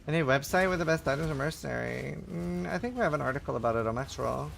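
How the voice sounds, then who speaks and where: A man's voice: fairly high pitch, expressive, fast, vocal fry, a bit bright, a little hiss or hum. A man streaming a game live, chatting casually with viewers in a dry, sarcastic way. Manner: dry, sarcastic banter with chat. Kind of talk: casual gaming livestream chat.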